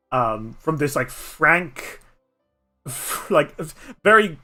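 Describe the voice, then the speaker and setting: Irish guy narrating a solo tabletop game real slow, rambling with lots of ums, faint music under. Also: medium pitch, sharp tone. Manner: slow, rambling, with many fillers. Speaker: game master and streamer.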